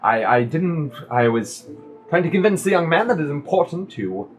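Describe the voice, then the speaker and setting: A man's voice: fairly high pitch, very animated, soft background music. A man doing a prim genteel tavern matron. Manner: prim, formal, slow and soft. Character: genteel older woman tavern manager, polite.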